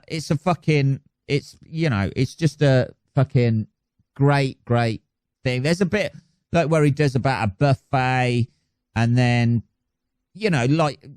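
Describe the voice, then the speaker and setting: A man's voice: medium pitch, slow, a little mellow, clear, resonant tone, no room sound. A man hosting his own podcast alone, chatting casually in a rambling, sweary, self-mocking way. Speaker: podcast host. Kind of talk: casual solo podcast chat.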